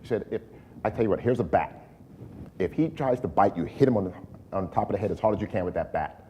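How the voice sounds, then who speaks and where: A man's voice: on the low side, quick pace, a little hiss or hum. A man chatting as a guest on a talk show, telling stories and acting out what people said. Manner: storytelling, animated when acting out quotes. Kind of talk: casual talk-show chat.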